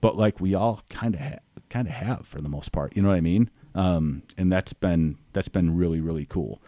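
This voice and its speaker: A man's voice: low-pitched, moderate pace, warm tone, dry recording. A man from the Chicago area, a podcast guest, telling rambling stories in casual, profane chat. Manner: rambling, profane, acts out quoted voices.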